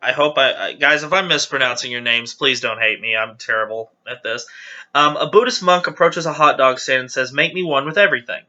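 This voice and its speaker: A man's voice: medium pitch, fairly quick, bright, forceful tone, dull audio. A man hosting his channel, casually reading viewer jokes aloud with chatty, giggly, self-deprecating asides.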